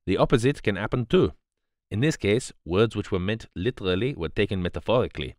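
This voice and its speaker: A man voicing a calm, precise male detective who explains in a placid, grave, measured way. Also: lowish voice, no echo, clean studio sound, lightly acted.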